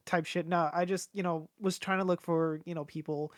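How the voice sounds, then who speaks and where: A man's voice: a little high, flat delivery, normal speed, no echo, clean studio sound. A young man co-hosting a podcast, telling a rambling, swear-filled story with lots of fillers. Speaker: podcast co-host. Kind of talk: casual chat.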